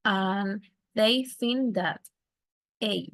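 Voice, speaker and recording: A woman, a student, reading a text aloud carefully and haltingly, with small slips. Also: medium pitch, fairly bright tone, dry recording.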